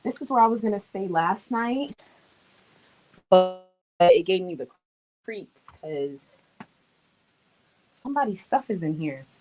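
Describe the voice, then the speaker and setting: Slow-talking woman vlogging on her phone. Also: lowish voice, darkish tone. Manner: chatty, addresses viewers, drops into slangy speech. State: out of breath from climbing stairs. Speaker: vlogger touring a rental villa. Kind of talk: casual live-stream chat.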